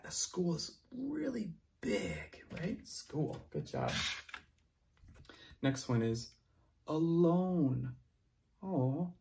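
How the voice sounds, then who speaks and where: A man's voice: fairly high pitch, creaky, warm tone. A male teacher leading a vocabulary lesson for young children, encouraging them and praising them often.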